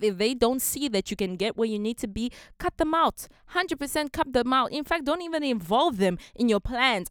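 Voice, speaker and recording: Bright, smooth-voiced young woman from Africa. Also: on the high side, dry recording, studio quality. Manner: earnest, emphatic, repeats key phrases. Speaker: podcast host. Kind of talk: casual motivational podcast talk.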